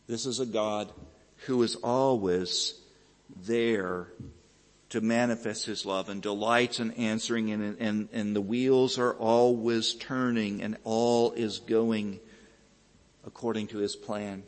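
A man's voice: medium pitch, steady tone, takes it slowly. A man preaching a sermon, earnest and building to fervent emphasis, often repeating words as he presses a point. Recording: long hall reverb.

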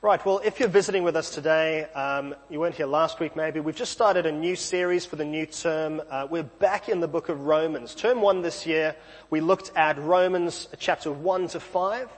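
A man's voice: fairly high pitch, moderate pace, long reverb tail. A man preaching a sermon in a church, talking conversationally with light self-deprecating asides.

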